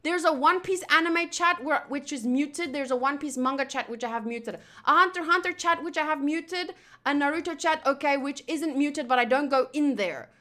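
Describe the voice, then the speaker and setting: A young woman with a high, bright voice talks straight to her viewers, venting her frustration. She rambles, swears freely and circles back on herself as she complains. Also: moderate pace, hardly any pauses. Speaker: streamer and host.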